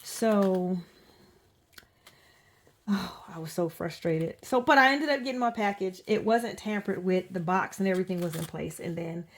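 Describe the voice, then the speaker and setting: In a casual home vlog, a reborn doll artist changes a doll as she tells a wandering story, with plenty of fillers and fresh starts. She talks at a normal speed in a medium-pitched voice.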